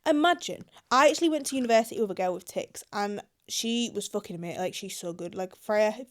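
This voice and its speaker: A woman's voice: medium pitch, a little fast. A young British woman reacting to online confessions in casual, blunt commentary, swearing freely. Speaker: YouTuber.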